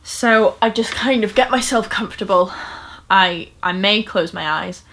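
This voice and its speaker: A woman's voice: medium pitch, measured pace, a bit bright, slight background noise. A woman talking earnestly and casually to camera at home, with frequent fillers and restarts. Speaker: vlogger. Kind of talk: casual personal storytime talk.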